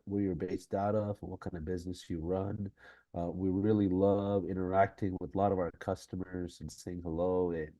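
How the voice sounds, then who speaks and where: A congested, nasal man hosts a live stream with a low, mellow voice. He chats loosely with viewers, full of fillers and restarts, and the sound is close and dry. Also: no room sound. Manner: chatty, with many fillers and restarts. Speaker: host of a live-streamed course session. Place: conference venue.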